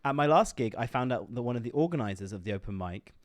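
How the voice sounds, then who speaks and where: A man co-hosting a podcast, reading out a listener's letter in a measured way, with frequent "uh"s. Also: medium pitch, animated, no echo, clean studio sound. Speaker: podcast co-host.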